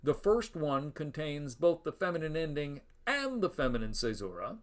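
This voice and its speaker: A middle-aged man with a voice a little on the high side lectures to a class. He is emphatic and methodical, stressing key points and sounding out rhythmic patterns aloud. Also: big pitch swings, normal speed. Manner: emphatic, explains step by step and drills rhythm aloud. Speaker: university lecturer.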